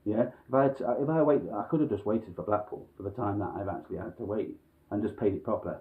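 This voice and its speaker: A vlogger recorded at home tells his viewers a frustrated story in a blunt, sweary ranting monologue, chuckling along the way. His voice is lowish and fast, and the audio has a phone-like, lo-fi quality.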